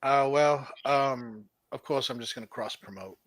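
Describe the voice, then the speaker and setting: A man's voice: medium pitch, unhurried, a bit bright, dry recording. A man from Texas co-hosting a casual podcast, chatty and joking as he plugs his own show. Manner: joking, self-promoting, chatty. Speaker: podcast co-host.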